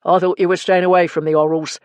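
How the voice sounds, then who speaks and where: A flamboyant, imperious man who barks his verdicts loud and theatrical, sneering at anything dull, played by a woman narrator. His voice rings a little louder and brighter than the narration around it, with a cutting edge. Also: high voice, level tone, quick pace, clear, resonant tone, no room sound, lightly acted.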